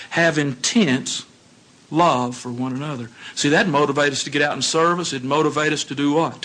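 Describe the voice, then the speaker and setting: Male preacher, husky, animated delivery, asks the congregation questions. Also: a little high. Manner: animated storytelling, acts out dialogue, asks the audience questions. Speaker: congregation speaker. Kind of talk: sermon.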